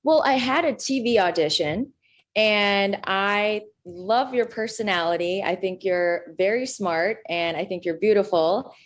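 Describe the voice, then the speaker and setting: A woman's voice: medium pitch, a little slow. A woman comedian from Minnesota, a guest in a casual interview, chatty and rambling.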